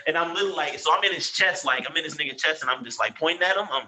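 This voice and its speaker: A man's voice: medium pitch, very fast, poor audio. A young man telling a story in casual slangy chat, acting out both sides of an argument. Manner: animated, slangy, acts out both sides of a quarrel. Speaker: podcast guest telling a story.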